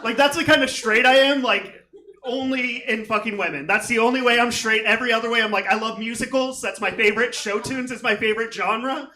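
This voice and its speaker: A man's voice: very high-pitched, fairly quick, sharp tone. A man doing a stand-up comedy set on a theater stage, rambling and self-deprecating with many fillers, recorded live with a crowd laughing. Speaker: stand-up comic. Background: audience laughter.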